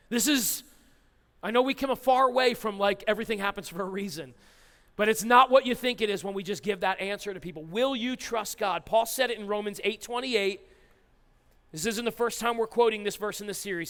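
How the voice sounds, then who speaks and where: A man preaching a sermon as pastor, animated and reading scripture aloud in quick bursts. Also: sits high. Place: church hall. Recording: reverberant church hall.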